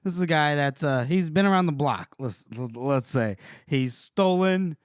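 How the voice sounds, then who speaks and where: A man co-hosting a casual book podcast, excitable and laughing often as he recaps the story. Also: a little high, normal speed, no echo, clean studio sound. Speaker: podcast co-host.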